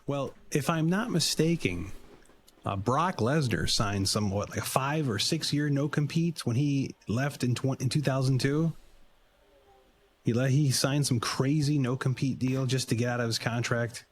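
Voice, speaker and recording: A man's voice: medium pitch, measured pace, slight background noise. A man co-hosting a podcast, talking in a laid-back way with hesitant restarts. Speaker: podcast co-host. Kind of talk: casual wrestling chat.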